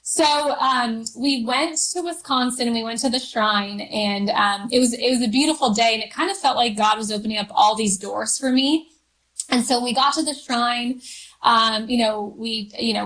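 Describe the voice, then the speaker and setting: A woman's voice: fairly high pitch, a bit bright, low-quality recording. A woman in her thirties, a podcast guest, telling a personal story with many fillers and restarts.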